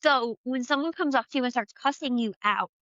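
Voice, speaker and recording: A young woman co-hosting a podcast in casual chat, laughing often and doing deadpan barista reactions. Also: high-pitched, brisk, dry recording, lo-fi sound. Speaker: podcast co-host.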